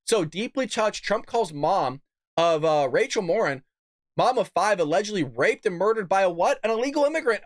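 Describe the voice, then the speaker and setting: Angry man ranting, high voice. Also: lively intonation, normal speed, no echo. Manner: mocking put-on voices for quoted opponents. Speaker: podcast host. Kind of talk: political rant.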